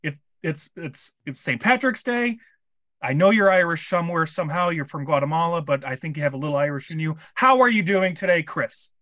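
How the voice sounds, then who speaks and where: A man's voice: on the high side, lively intonation, brisk, bright, forceful tone, no echo. A man hosting a casual movie review podcast, joking and upbeat, pushing his co-host for more energy.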